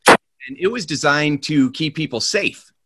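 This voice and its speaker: Energetic male motivational speaker. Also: measured pace, dry recording. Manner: animated storyteller, grows loud and high in the punchline. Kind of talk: motivational talk with a told joke.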